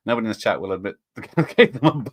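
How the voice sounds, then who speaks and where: A man's voice: fairly low pitch, lively intonation, brisk. A man hosting a casual live stream, rambling and chuckling as he reads out viewers' chat comments.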